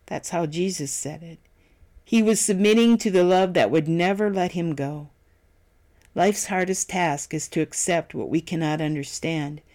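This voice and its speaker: A solemn devotional reader who moves at a measured, unhurried pace through a scripted meditation. The voice sits at an ordinary middle pitch, and the speaker reads each scripture reference out plainly. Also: darkish tone.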